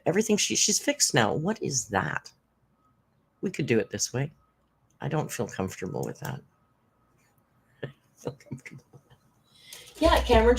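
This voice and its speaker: A woman hosting a reaction commentary, sarcastic and blunt, swearing freely. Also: low voice. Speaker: commentary channel host.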